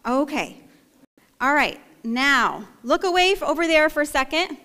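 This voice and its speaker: A woman's voice: sits high, lively intonation, measured pace, bright, forceful tone. Woman pastor doing a fun kids story in church, gets them acting it out, long echo. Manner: playful, coaxing, directs children to act out the story. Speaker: pastor leading a children's message. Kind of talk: interactive children's story with props. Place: church sanctuary. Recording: echoey church hall.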